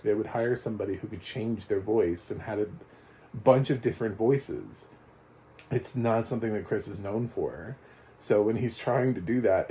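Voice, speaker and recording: Man, movie reviewer, lowish voice, warm and mellow, rambling casual chat. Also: a little hiss or hum. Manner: rambling, chatty, laughs often. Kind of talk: casual spoken film review.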